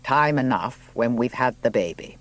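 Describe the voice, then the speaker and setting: A man reading the part of a blunt but kindly country gentleman who speaks dryly and placidly. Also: mid-range voice, expressive, moderate pace, lightly acted. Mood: firm.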